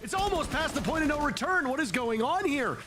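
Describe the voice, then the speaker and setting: A man calling esports play-by-play, excitable and rising at big plays. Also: extremely high pitch, brisk, over music. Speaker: play-by-play caster.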